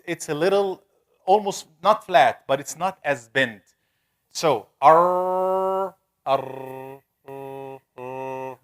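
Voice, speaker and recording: Man, teacher, fairly high voice, drawn-out repeated sounds, questions the class. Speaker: tajweed teacher. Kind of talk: interactive classroom lesson.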